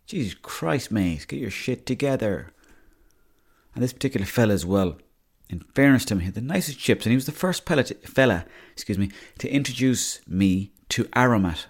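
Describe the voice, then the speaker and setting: A young Irish man hosting a podcast, telling rambling, sweary comic stories. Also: on the low side. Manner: swears freely, storytelling. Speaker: podcast host.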